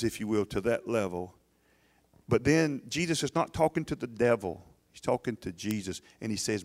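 This middle-aged pastor's sermon is emphatic and urging, and he stumbles and restarts often as he presses his point to the church. He has a lowish, creaky, slightly mellow voice.

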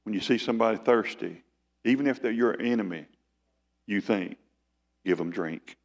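A man preaching with fervor, his low voice pushing up to loud peaks and then settling into quiet lines. The sound rings with a long echo from the church sanctuary. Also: moderate pace. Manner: fervent preaching, swelling louder then dropping low. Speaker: pastor. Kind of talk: sermon.

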